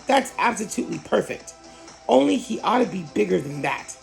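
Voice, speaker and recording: Reader doing a rowdy bouncy tiger, loud and dramatic, gravelly and all over the place. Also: medium pitch, sing-song, normal speed, faint music behind, rough recording. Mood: boisterous. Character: bouncy boastful tiger, excitable storyteller.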